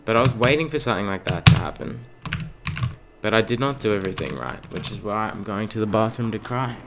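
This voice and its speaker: A young man commentating his own gameplay in a self-mocking, excitable way, at a home computer. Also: lowish voice, fairly quick, creaky, heavy background noise. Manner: self-mocking, excitable, with sudden yelps and gasps. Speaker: let's play host. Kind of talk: gaming commentary. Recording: loud game music behind the voice. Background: loud game music.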